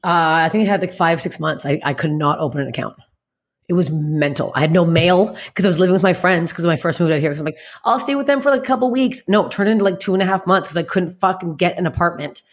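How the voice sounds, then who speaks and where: A woman's voice: fairly low pitch, quick pace, breathy edge. A woman comedian in her late thirties, telling candid stories as a podcast guest, blunt and swearing constantly. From Canada.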